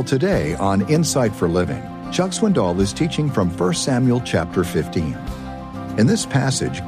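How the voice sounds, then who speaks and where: Male radio announcer, deep and gravelly, reads the intro over a music bed.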